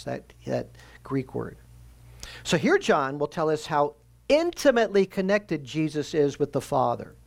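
Gravelly-voiced male pastor preaching. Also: fairly high pitch. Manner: earnest teaching with slow emphatic stresses. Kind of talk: sermon.

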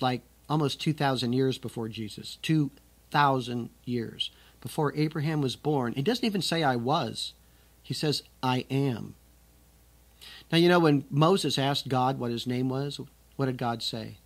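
A man teaching scripture, reading the verses aloud with strong emphasis and then explaining them in a conversational way. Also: mid-range voice. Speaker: Bible teacher.

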